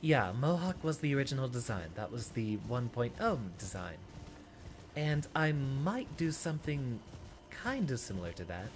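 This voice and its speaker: Man, game streamer, chatty and playful, lively pitch, game music underneath. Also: moderate pace. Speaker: VTuber streamer. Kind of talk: casual gameplay commentary.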